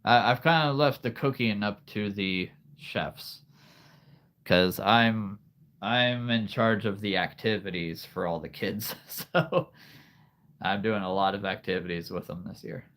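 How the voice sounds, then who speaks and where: A man's voice: on the low side, a little slow, a bit bright. A man hosting a casual livestream, rambling to his viewers with many fillers and frequent laughs. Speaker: livestream host.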